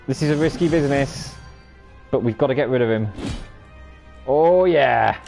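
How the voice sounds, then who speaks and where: A man's voice: mid-range voice, moderate pace, creaky, pauses often, dark tone, soft background music. A man streaming a card game live, commenting on his plays and bantering with viewers while cursing freely. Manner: banter-filled, swears freely, teases chat.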